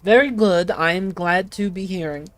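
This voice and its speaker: A woman's voice: fairly low pitch, no echo, natural voice. A woman putting on a quaint, kindly tea shop keeper with a thick accent. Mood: instructive. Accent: put-on foreign accent. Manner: formal broken phrasing, slow and earnest.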